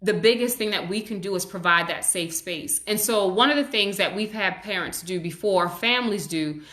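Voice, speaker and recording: A woman's voice: medium pitch, normal speed, echoey room. A woman who is a child psychologist, hosting a live stream on parenting and talking viewers through their comments in a reassuring way. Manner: warm, reassuring, acts out parent and child voices. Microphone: webcam or phone on a live stream.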